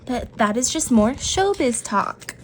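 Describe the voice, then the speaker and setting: A fussy know-it-all mole from a picture book, played by a woman reading aloud. He scolds in a matter-of-fact way, with a fairly high voice and an unhurried pace. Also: very animated, slight background noise.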